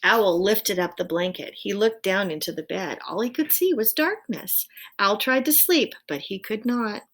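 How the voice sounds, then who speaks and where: A woman reading a children's storybook aloud in a gentle way, adding soft asides to her listeners. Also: medium pitch, expressive, normal speed.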